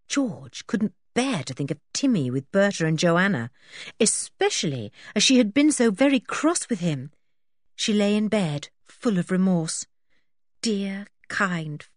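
A woman narrating a children's storybook in a measured, expressive reading. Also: on the low side, no echo, studio quality. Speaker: audiobook narrator.

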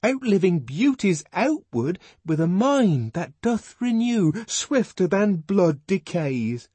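A man's voice: high-pitched, big pitch swings, slow pace, warm tone, husky, no room sound, pitched above the performer's own voice, heavily acted. A man voicing a desperate, lovesick young man in an audiobook, pleading in strained poetic outbursts. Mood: earnest pleading. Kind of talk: audiobook character voice.

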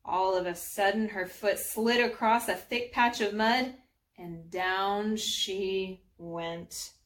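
Woman reading a kids book out loud, slow and gentle, talks to the kids sometimes. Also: medium pitch, fairly even intonation. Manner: gentle, speaks directly to young listeners. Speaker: storybook narrator. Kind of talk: children's storybook read-aloud.

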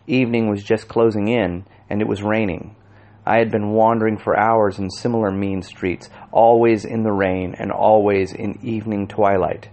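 A man giving a measured, scripted audiobook narration. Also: lowish voice, a little mellow.

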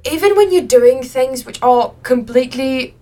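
Measured woman explaining her view. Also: sits high, lively intonation, dark tone. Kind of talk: casual podcast chat.

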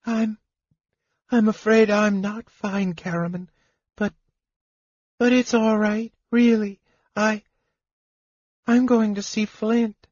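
A man's voice: high-pitched, flat delivery, slow pace, pauses often, a little mellow, dry recording, pitched above the performer's own voice. A man voicing a small, feverish male kender who speaks in a weak, broken whisper. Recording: dull lo-fi recording.

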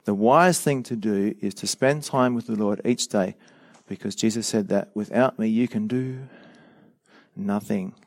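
A middle-aged man preaching a sermon as a pastor, earnest and measured, with a touch of dry sarcasm. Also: fairly low pitch, no echo.

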